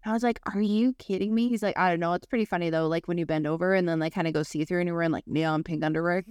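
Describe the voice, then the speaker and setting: A young woman co-hosting a casual podcast, telling a story with lively, swearing asides and acted-out quotes. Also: on the low side, very fast, clean tone, dry recording, studio quality. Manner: lively, swears freely, acts out quoted voices. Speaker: podcast co-host.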